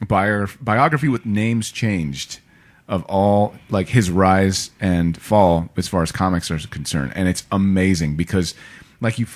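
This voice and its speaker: A man co-hosting a podcast in casual chat, an animated storyteller who acts out quotes. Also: low-pitched, measured pace. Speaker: podcast co-host.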